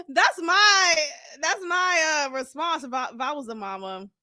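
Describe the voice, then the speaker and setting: Speaking at a measured pace in a voice that sits high, the host of a reality TV review channel jokes around animatedly, laughing and cursing without restraint. Her sound is dry and clean, straight from a studio.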